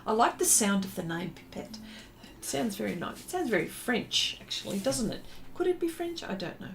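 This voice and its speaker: A woman's voice: a little high, big pitch swings, moderate pace, gravelly, a little hiss or hum. A woman hosting a casual art livestream, chatting in a rambling way with many fillers and greeting viewers by name.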